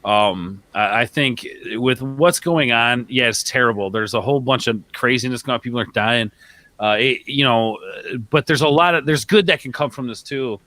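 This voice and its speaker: Bright-voiced rambling podcast guy. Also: mid-range voice, moderate pace, no echo, low-quality recording. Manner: rambling, filler-heavy, calls everyone man and bro. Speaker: podcast co-host. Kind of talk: casual podcast chat.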